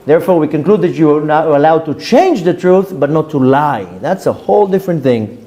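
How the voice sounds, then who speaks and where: A man, a rabbi giving a Torah class and telling stories with lively, acted-out quotes. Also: a little fast. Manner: lively storytelling, voices quoted speakers with big pitch jumps.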